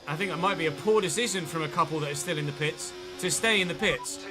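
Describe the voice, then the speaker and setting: A man's voice: on the high side, fast talker, music in the background. An English man chatting and thinking aloud as he commentates on his own live gameplay stream. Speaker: game streamer.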